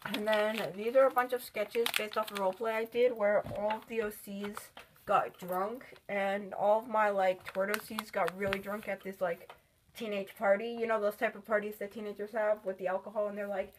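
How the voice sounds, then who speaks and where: A woman's voice: mid-range voice, flat delivery, moderate pace, a little hiss or hum. A woman chatting casually in a vlog about her sketchbook, rambling and filling with "like". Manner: rambling, with many "like" fillers. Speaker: artist showing her sketchbook.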